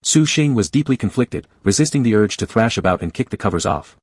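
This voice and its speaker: A man narrating a story in a low, slightly husky voice, steady and measured in his delivery. The sound is dry and close, with no room around it. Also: dry recording. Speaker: audiobook narrator. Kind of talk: scripted narration.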